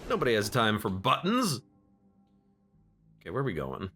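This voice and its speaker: A man's voice: on the low side, wildly swooping pitch, normal speed, sharp tone. A man streaming a game, talking casually and joking to himself and the viewers as he plays. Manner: chatty, jokes at the game and at himself. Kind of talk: casual gameplay commentary. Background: game music.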